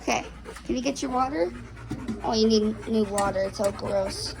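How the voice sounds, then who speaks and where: A woman's voice: fairly high pitch, lively intonation, normal speed, creaky. A woman dog sitting in a backyard, talking playfully to the dog in coaxing baby-talk, filmed on a phone. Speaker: dog sitter vlogger. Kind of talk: casual vlog talking to a dog. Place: backyard outdoors. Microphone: handheld phone. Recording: outdoor phone audio with background noise.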